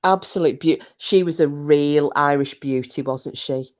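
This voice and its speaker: A woman hosting a live stream, chatting casually and warmly to viewers, rambling with restarts and fillers. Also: sits low, a little slow. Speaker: livestream host.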